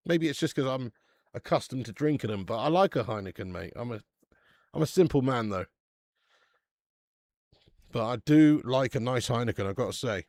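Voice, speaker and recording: A man's voice: medium pitch, lively intonation, brisk, no echo, studio quality. A man hosting a live football watch-along, chatty and laddish, swearing and calling viewers mate and lad. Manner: bursts out loud at match chances.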